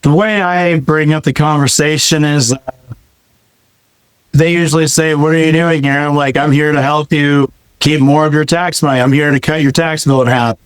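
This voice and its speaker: Blunt, smooth-voiced male guest. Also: on the high side, fairly even intonation, moderate pace, dry recording, low-quality recording. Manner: blunt, joking, plainspoken storyteller. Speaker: guest, wealth manager. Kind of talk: casual interview chat.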